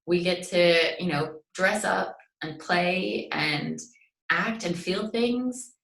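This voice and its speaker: A woman's voice: fairly low pitch, slow pace, creaky, recorded from a distance. A young woman with a light Scottish accent, an actress guest chatting casually and animatedly in an interview. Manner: chatty, animated, full of fillers. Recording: roomy echo.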